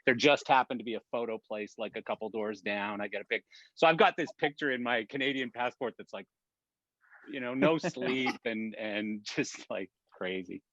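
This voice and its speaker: Brief: man spinning an animated, rambling anecdote, mid-pitched, over dull, dry video-call audio. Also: moderate pace, no room sound. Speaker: production industry guest. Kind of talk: casual storytelling.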